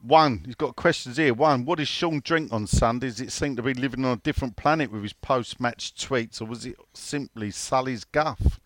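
In a mid-range, fairly bright voice with few pauses and a moderate pace, a man co-hosts a casual football podcast. There's no echo as he rambles through anecdotes, curses freely and reads questions sent in by listeners.

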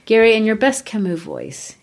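A woman co-hosting a casual literary discussion, explaining ideas in a measured way with occasional playful asides. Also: medium pitch, big pitch swings, creaky. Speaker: podcast co-host.

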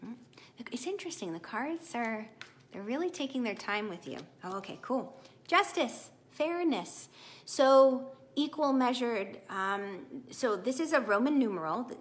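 Chatty tarot-reading woman, fairly high voice. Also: a little slow, a little hiss or hum. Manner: warm, chatty, encouraging, animated with laughs. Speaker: tarot reader. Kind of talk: live tarot reading to online viewers.

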